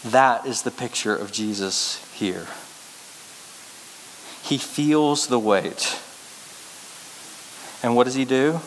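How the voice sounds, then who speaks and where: A male pastor giving a sermon, speaking earnestly and getting lively when he tells stories. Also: on the low side. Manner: earnest storytelling preacher, lively when telling anecdotes. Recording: reverberant hall with faint hiss.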